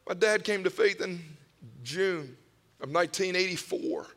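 A man preaching a sermon, telling personal stories with emotional swings from hushed whispers to loud cries. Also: sits high, lively intonation, a little slow. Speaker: pastor. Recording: long hall reverb.

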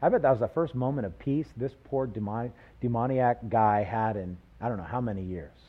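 A man preaching a sermon, animated, with rhetorical questions and acted-out quotes. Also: medium pitch, brisk, breathy edge, muffled recording. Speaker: pastor.

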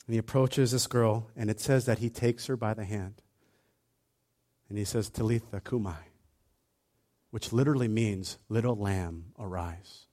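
A man preaching a sermon in a conversational, animated way, acting out little asides as he retells the story. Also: fairly low pitch, normal speed, long pauses.

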